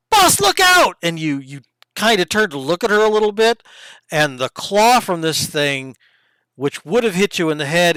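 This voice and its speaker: A man running a tabletop game as game master, narrating combat in lively detail with the odd hushed aside. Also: on the high side, clear, resonant tone, no room sound, poor audio.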